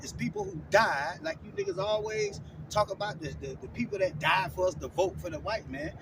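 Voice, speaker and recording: A man's voice: high-pitched, big pitch swings, a little fast. A man preaching bluntly and profanely, tagging nearly every phrase with "man" or "all right?". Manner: scolding, blunt, profane street talk. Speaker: street preacher teaching scripture. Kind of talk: confrontational online sermon. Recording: distant mic with clear outdoor traffic noise.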